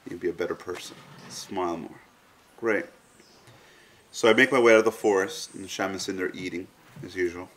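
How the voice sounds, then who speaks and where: A man's voice: low-pitched, fairly even intonation, brisk, long pauses, fairly bright tone, husky. A man in an interview recounting a personal experience frankly, swearing freely and telling it vividly. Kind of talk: candid storytelling in an interview.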